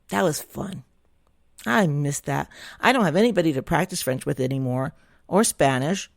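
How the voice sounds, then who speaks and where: A woman's voice: low-pitched, normal speed, vocal fry, no room sound. Middle-aged woman, opinionated casual chat, close dry sound. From Southern United States. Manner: opinionated, chatty, rambling with restarts. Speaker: vlogger. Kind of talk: casual monologue to camera.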